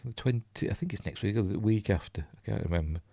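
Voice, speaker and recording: A Yorkshire film reviewer talks fast with a lowish, mellow voice, lively intonation and some vocal fry, recorded without echo. He hosts a relaxed film breakdown, reading live chat in a rambling, chatty manner and often losing the thread.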